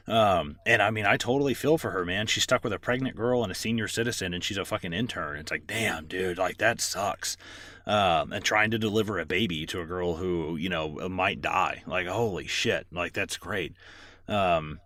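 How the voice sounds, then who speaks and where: Low-voiced guy rambling thru a movie recap, lots of ums and swearing, dry close mic. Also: normal speed, sharp tone, dry recording. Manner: rambling recaps with many fillers, swears a lot. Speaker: podcast co-host. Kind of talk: casual movie chat.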